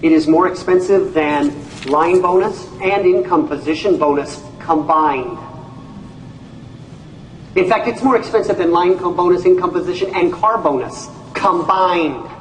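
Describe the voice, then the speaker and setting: A man, a company CEO, giving an animated training talk to an audience, telling stories and acting out people's reactions with folksy exclamations. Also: sits high, a little slow, slight background noise. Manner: storytelling, acts out voices, folksy exclamations. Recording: echoey room, speaker far from mic.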